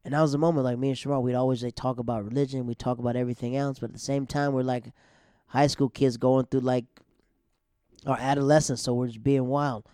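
A man in his thirties with a mellow, warm voice tells a personal story in a casual, rambling way. His words are loose and full of slang fillers. He drops almost to a whisper when quoting people, and the sound is dry and close. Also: medium pitch, flat delivery, fast, clean tone, no room sound.

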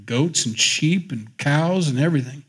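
A man's voice: fairly high pitch, moderate pace, husky. A man teaching the Bible in a conversational, joking way, acting out the scenes as he goes. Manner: animated, joking storyteller who acts out the scenes.

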